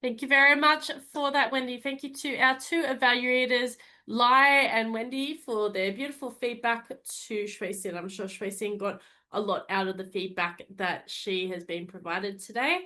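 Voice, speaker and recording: Bright-voiced woman hosting a meeting. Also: fairly high pitch, fairly even intonation, moderate pace. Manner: formal, gracious introductions and thanks. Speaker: meeting host, toastmaster of the day. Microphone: video call.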